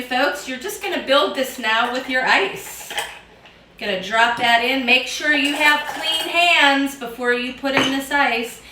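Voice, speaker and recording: A woman's voice: high voice, roomy sound, noisy background. A woman hosting a casual home cocktail how-to, chatty and upbeat as she talks straight to viewers from her home bar. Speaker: home bartender host.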